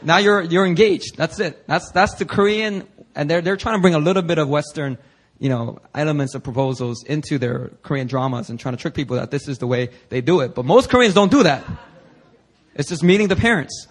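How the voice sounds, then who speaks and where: A young adult man preaching, telling a personal story with lively energy and acting out the people he quotes. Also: a little high, brisk. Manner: animated storyteller, acts out quoted voices. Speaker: pastor.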